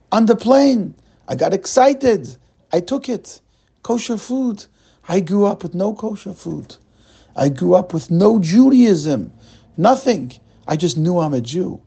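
A husky man putting on a stammering man. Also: high-pitched, mellow, pitched above the performer's own voice, heavily acted. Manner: stammering, broken English, gushing. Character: emotional Russian Jewish man, apologetic, stammering.

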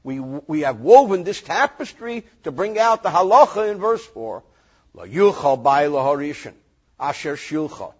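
Male rabbi, reading, lively joking lesson; raspy tone and a muffled, low-fi recording. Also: normal speed. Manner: animated, joking, reads Hebrew verses then translates. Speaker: rabbi teaching Torah.

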